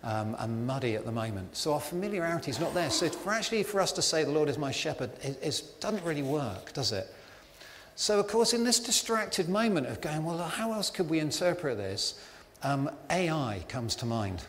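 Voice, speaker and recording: A man's voice: on the high side, animated, moderate pace, slight background noise. A man giving a chatty, self-deprecating sermon in a church, full of fillers and asides. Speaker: preacher. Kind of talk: conversational sermon. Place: church hall. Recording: reverberant hall with faint ambience.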